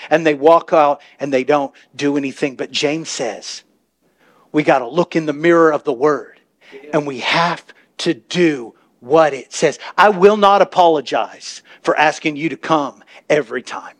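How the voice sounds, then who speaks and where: A man preaching a sermon as pastor, talking to the congregation in a chatty way and building to impassioned shouts. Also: on the high side, unhurried. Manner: impassioned, rising to shouts, conversational asides to the congregation. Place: church sanctuary.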